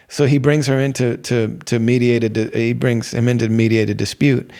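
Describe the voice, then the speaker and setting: A middle-aged American man hosts a podcast in a loose, conversational way. He drifts through asides and restarts, leaning on fillers. His voice sits at an ordinary middle pitch. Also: flat delivery, moderate pace, hardly any pauses, warm tone. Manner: rambling, many fillers and restarts. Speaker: podcast host. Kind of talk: casual religious talk.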